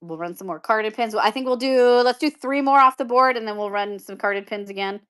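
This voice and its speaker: A woman's voice: fairly high pitch, a little fast, a bit bright, clean tone. A woman hosting a live-stream pin auction, chatting casually and upbeat with viewers and laughing often. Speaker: live shopping seller.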